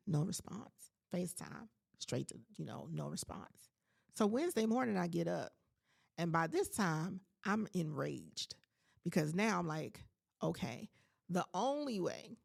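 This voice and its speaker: A woman in her forties hosting a podcast, telling a personal story in a casual, animated and emphatic way, talking straight to her listeners. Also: fairly low pitch, vocal fry, husky. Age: 40s. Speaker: podcast host.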